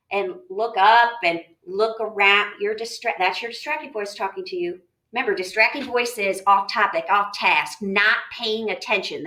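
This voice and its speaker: Lively woman teaching reading, kinda high voice, roomy echo. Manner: lively, acts out inner voices. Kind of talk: classroom reading lesson. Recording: echoey room, voice a bit distant.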